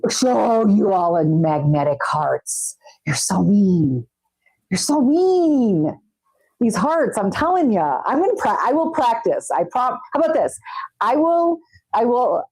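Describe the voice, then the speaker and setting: A woman's voice: mid-range voice, darkish tone, no echo, rough recording. A woman chatting casually with her viewers on a live stream while doing her nails, teasing them as she works, on a wireless mic. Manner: chatty, teasing, talks to chat while working. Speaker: nail artist streamer.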